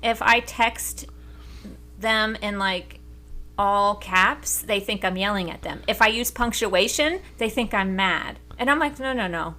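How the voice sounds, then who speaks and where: A chatty woman co-hosts a casual podcast with a bright, clear tone. She tells everyday stories in an animated way and laughs easily. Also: medium pitch, measured pace. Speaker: podcast co-host.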